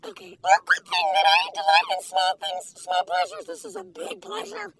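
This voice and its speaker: Gushing older woman with a gravelly, lively voice. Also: very high-pitched, moderate pace, distant mic, rough recording. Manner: gushing, giggly, exclamatory. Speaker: food reviewer. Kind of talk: casual video review. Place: inside a parked car.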